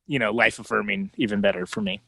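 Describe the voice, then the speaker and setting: A man hosting a podcast in casual chat, chiming in with quick agreements and laughing along. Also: fairly low pitch, very animated, creaky, pushed and bright, husky. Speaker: podcast host.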